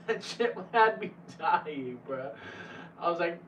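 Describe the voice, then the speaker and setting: A man's voice: mid-range voice, sing-song, measured pace, fairly bright tone. A man streaming live, chatting casually with viewers in a laid-back, profane way. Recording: distant, dull lo-fi mic with faint hum.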